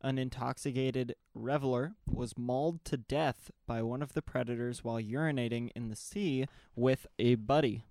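Gravelly man reading news aloud deadpan. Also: medium pitch, moderate pace, hardly any pauses, dry recording. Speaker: podcast co-host reading news. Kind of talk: reading news stories aloud in casual chat.

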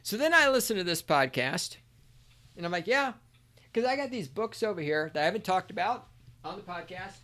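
A man hosting a solo podcast, ranting angrily with constant swearing and sometimes shouting. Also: sits high, expressive, fairly quick. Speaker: podcast host.

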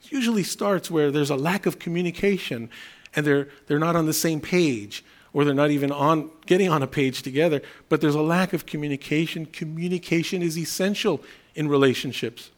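A man's voice: a little high, brisk. A middle-aged man giving a conversational sermon as a pastor, telling humorous everyday stories with restarts.

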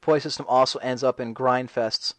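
A man's voice: mid-range voice, steady tone, moderate pace, a bit bright, no echo, poor audio. A man hosting a casual talk radio show, reading and answering chat messages in a sarcastic, ranting way.

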